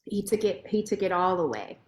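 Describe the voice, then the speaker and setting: Expressive woman, echoey room. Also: on the low side, fairly quick. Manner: expressive, heartfelt storytelling. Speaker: lawyer and podcast guest. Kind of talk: personal testimony in conversation. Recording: roomy echo.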